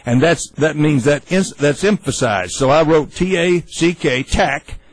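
A man hosting a talk radio show, giving opinionated commentary in a folksy, halting way with many fillers and restarts. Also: on the high side, no echo, low-quality recording.

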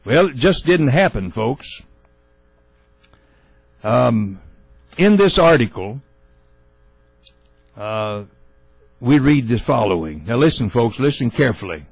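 A man hosting a talk radio show, giving opinionated commentary in a folksy, halting way with many fillers and restarts. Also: mid-range voice, big pitch swings, gravelly, breathy edge, no echo, faint music behind, rough recording.

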